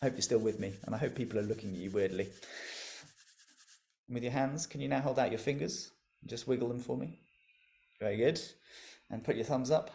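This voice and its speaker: A man in a mid-range voice leads an interactive music lesson over a video call. He is warmly encouraging and playful, coaxing listeners to repeat sounds and actions after him. He breaks into easy laughter between instructions. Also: mid-range voice, brisk, vocal fry, pauses often. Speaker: music educator leading an online workshop.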